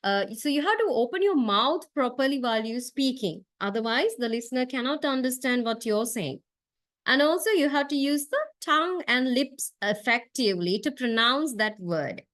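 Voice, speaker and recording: Woman lecturer, fairly high voice, dry close sound, explains point by point with lots of uh fillers and a "right?" tag. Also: lively intonation, moderate pace, a bit bright, no room sound. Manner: explanatory, step by step. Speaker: university lecturer. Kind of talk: classroom lecture.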